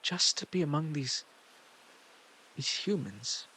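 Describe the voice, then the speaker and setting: A man's voice: a little high, animated, slow, sharp tone, breathy edge, heavily acted. A man voicing an egotistical, possessive male god in an audio role-play, with a coaxing manner and a put-on foreign-sounding accent. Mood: smug, coaxing.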